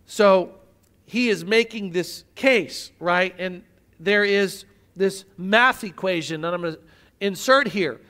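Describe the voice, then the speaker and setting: A man's voice: high-pitched, fairly bright tone. A male pastor preaching a sermon, teaching emphatically with rhetorical questions.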